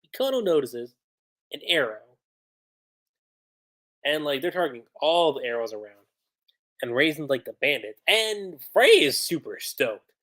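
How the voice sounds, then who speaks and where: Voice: medium pitch, sing-song, measured pace, long pauses, a bit bright. Streamer gushing over manga chapters, voice bouncing all over, laughing, saying like a lot. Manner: chatty, laughs often, heavy "like" fillers. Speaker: livestream host reviewing manga. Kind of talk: casual excited recap.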